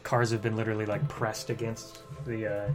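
A man's voice: fairly low pitch, little pitch movement, fairly quick. A man narrating as game master of a tabletop horror game, casual and often laughing. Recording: background music.

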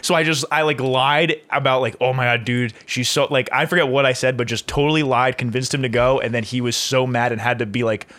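A man's voice: medium pitch, fairly even intonation, fast, few pauses, a bit bright. A young man co-hosting a podcast, chatting casually, laughing often and swearing freely as he tells stories. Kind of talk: casual chat.

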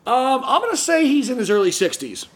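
High-voiced man telling a story. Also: brisk. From San Diego area. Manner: animated, acts out quoted voices, frequent restarts. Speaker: podcast host. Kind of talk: casual storytelling.

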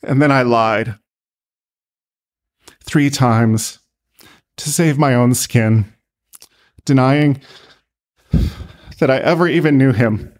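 A man's voice: mid-range voice, slow, long pauses, natural voice. A man playing a remorseful, exhausted male disciple who speaks in a muffled, ashamed way.

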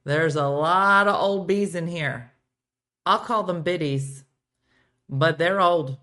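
Animated woman hosting a chatty morning stream. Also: on the low side, slow pace. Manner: animated, swings from quiet asides to loud exclaiming. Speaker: morning show host. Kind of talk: casual live-stream chat.

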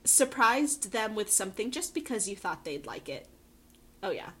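Giggly woman with lively pitch. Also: moderate pace, husky. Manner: giggly, lots of ums and laughs. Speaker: podcast co-host. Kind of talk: casual chat.

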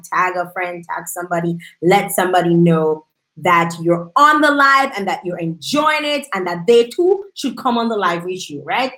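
A woman hosting a live streamed music talk show, chatty and repetitive, giving shout-outs to viewers. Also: medium pitch, poor audio.

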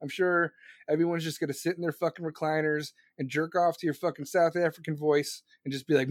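A live-stream host goes on a casual, profane rant, crude and sarcastic, drifting loosely from tangent to tangent. His voice sits a bit high for a man, with a level tone and fairly quick delivery. The recording is dry and close, with no room sound.

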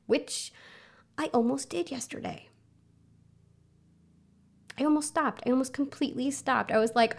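A woman's voice: high-pitched, normal speed, gravelly, pauses often. A woman hosting a casual solo podcast from home, chatty and self-mocking, with lots of fillers. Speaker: podcast host. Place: home under a flight path, planes overhead.

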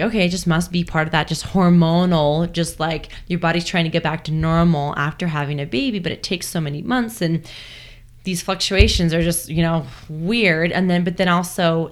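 Chatty young woman with a low voice. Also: a little fast. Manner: chatty, many fillers and restarts, acts out inner voices. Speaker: guest. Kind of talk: casual conversational interview.

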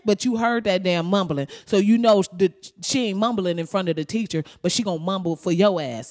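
A woman's voice: mid-range voice, no room sound, studio quality. A woman telling stories in a rambling, profane comedic monologue. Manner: loud, rambling, profane storytelling with frequent laughs.

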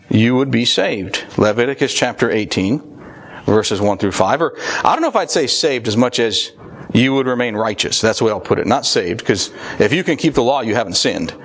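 A male pastor delivers a sermon at an ordinary middle pitch. He reads long scripture passages aloud, then builds up his points with emphatic, rising stresses and repeated phrases.

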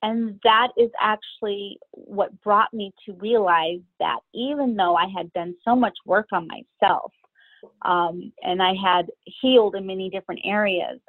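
A middle-aged woman telling her own story as an interview guest, hesitant and pausing often between her thoughts. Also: medium pitch, fairly bright tone, no echo. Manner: hesitant, many pauses and fillers. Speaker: guest sharing personal story. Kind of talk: candid personal storytelling. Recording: tinny phone-like line, dry.

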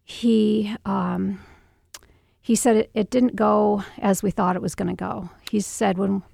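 A middle-aged mother in an interview, recounting a painful memory in a halting, emotional way with many restarts. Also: mid-range voice, steady tone, vocal fry, dark tone, no room sound, studio quality. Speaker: guest, mother. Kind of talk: personal storytelling interview.

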